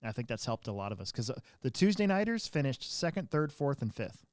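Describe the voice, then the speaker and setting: In a studio-quality recording with no room sound, a man hosting a podcast chats casually and tells a story. He speaks briskly at medium pitch, lively and raising his voice to act out quotes.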